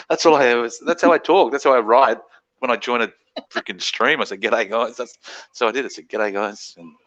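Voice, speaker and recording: A man's voice: medium pitch, animated, fairly quick, fairly bright tone, no echo, lo-fi sound. A middle-aged Australian man hosting a casual late-night stream, rambling, swearing freely and laughing often. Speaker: livestream host.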